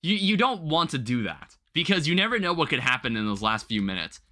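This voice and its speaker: A young man hosting a livestream, chatting casually while gaming and telling rambling, animated stories with some swearing. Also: a little high, brisk. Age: young adult. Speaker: livestream host.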